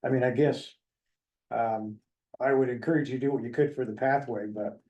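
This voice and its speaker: A man with a mellow, mid-range voice picked up from across a county meeting room. He gives a careful, measured opinion as a commissioner. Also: medium pitch, fairly even intonation, distant mic, muffled recording. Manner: measured, cautionary. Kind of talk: giving an opinion in a work session.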